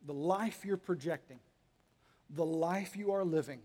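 A pastor with a high, husky male voice delivers a sermon at an unhurried pace in a reverberant church hall. He's dynamic, moving between quiet asides and loud, emphatic lines, and he playfully teases the congregation with humor.

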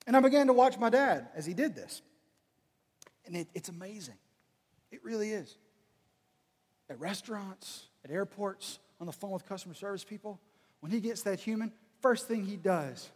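A man giving a humorous storytelling talk, animated and acting out bits of dialogue. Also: sits high, moderate pace, pauses often. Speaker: speaker. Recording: reverberant hall.

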